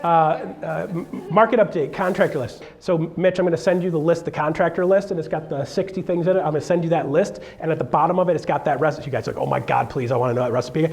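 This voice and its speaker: Animated high-voiced man coaching. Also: quick pace, hardly any pauses. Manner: joking, animated, acts out voices of clients. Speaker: real estate coach. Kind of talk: live seminar talk.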